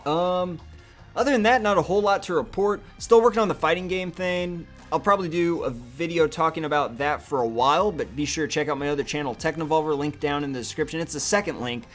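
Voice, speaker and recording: A man's voice: on the high side, quick pace, soft background music. A young man giving casual, profane, sarcastic commentary on a card game he is playing, often muttering to himself. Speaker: gaming video host.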